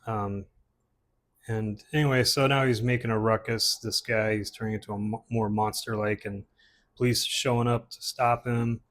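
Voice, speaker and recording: A man's voice: lowish voice, fairly even intonation, moderate pace, a bit bright. A man casually talking through his old comic portfolio pages, rambling with many fillers and restarts. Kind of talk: casual chat.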